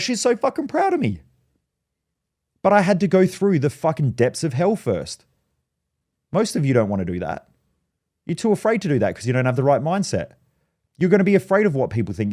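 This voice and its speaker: A man's voice: mid-range voice, very animated, fast talker, dark tone. Blunt, swearing motivational coach, man. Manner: blunt, swearing, fired-up storytelling. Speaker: business and mindset coach. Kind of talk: motivational monologue.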